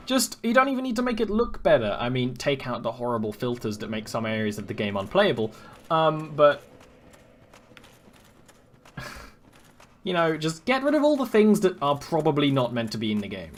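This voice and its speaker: A man's voice: mid-range voice, sing-song, moderate pace, fairly bright tone. Rambling English man streaming a game. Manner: rambling, chatty asides to chat. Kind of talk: casual live game commentary.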